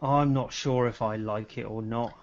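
A man's voice: medium pitch, fairly even intonation, moderate pace. Chill guy on a gaming podcast, dry and laid-back, muffled audio. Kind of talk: casual gaming chat. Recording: dull lo-fi sound.

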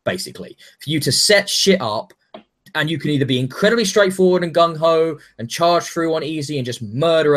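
A man in casual chat, reviewing a game with enthusiasm and frequent swearing. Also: medium pitch. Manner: enthusiastic, swears freely, animated.

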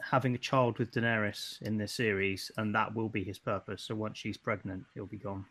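A man's voice: lowish voice, steady tone, normal speed, a bit bright. A man in a casual chat, making brief, dry remarks.

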